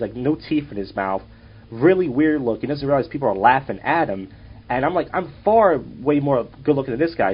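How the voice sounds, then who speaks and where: A young man hosts a casual podcast, rambling through profane stories. He talks fast in a husky voice. The audio is dull and lo-fi. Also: medium pitch. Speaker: podcast host and comedian.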